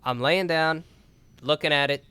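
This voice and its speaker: A young man co-hosting a podcast, telling a story in a lively, casual way with lots of swearing and filler words. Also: fairly high pitch, measured pace, clean tone, no room sound. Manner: animated, swears a lot, says "like" and "dude". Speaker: podcast co-host.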